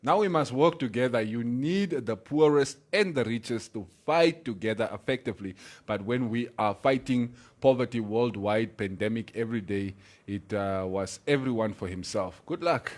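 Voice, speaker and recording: A man's voice: medium pitch, moderate pace. A man with a Namibian accent hosting a casual morning radio show, laughing often and reading out listener comments. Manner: laughing, mixes English and Afrikaans, reads listener comments. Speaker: radio host.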